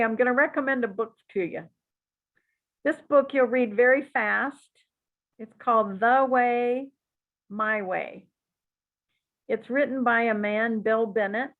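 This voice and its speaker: A woman teaching a psychic class in a relaxed, chatty and encouraging way, with frequent asides. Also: a little high. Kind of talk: relaxed spoken class talk. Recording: tinny phone-like audio.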